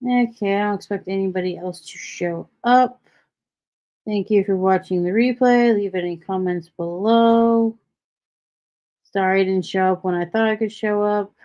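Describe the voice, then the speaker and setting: A woman's voice: mid-range voice, moderate pace, mellow. A woman hosting a casual solo livestream from home, rambling freely with sarcastic asides. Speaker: livestream host. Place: home in Texas. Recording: dull lo-fi stream audio.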